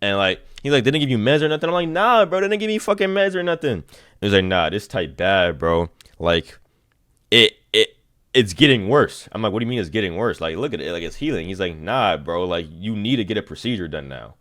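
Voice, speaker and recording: A man's voice: sits low, expressive, fairly quick, a bit bright. A young man streaming to his chat, telling a long story in a rambling, slang-heavy way and repeating "you see what I'm saying.".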